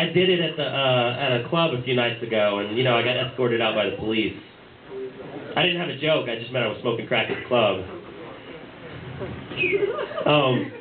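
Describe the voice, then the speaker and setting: A young man doing a stand-up set in a small bar, rambling with fillers and restarts. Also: mid-range voice. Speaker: stand-up comedian. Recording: tinny, echoey amateur bar recording.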